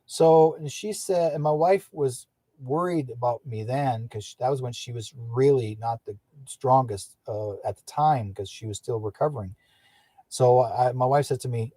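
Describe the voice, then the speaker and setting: Male radio host with a husky, dry voice; casual rambling monologue. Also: medium pitch, moderate pace, dark tone, no echo. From British Columbia, Canada. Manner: rambling, with restarts and acted-out quotes.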